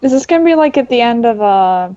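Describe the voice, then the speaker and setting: A woman player eagerly laying out her plans at a tabletop game, halting now and then. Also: a little high, lively intonation, dark tone, no room sound, highs cut off. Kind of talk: casual tabletop chat.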